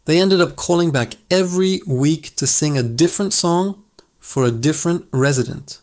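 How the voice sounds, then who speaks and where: A man's voice: fairly high pitch, moderate pace. A man hosting his channel, telling funny stories in an upbeat, conversational narration. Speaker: channel host. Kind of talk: scripted storytelling narration.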